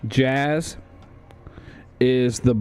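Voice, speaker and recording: A man's voice: medium pitch, steady tone, very slow, a little mellow, clean tone. A man from the United States doing livestream commentary as he ranks a tier list, rambling and swearing with plenty of fillers and restarts. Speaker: streamer.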